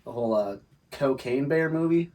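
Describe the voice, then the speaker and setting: A man's voice: medium pitch, lively intonation, moderate pace, a little mellow. A man co-hosting a podcast, rambling casually, teasing his co-host and swearing now and then. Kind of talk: casual chat.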